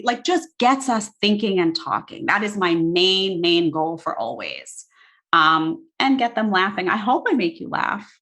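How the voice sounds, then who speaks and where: A woman in her thirties, a book author and guest, talking in animated casual chat full of likes and restarts. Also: mid-range voice. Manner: animated, talks fast with many likes and restarts. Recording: live video call.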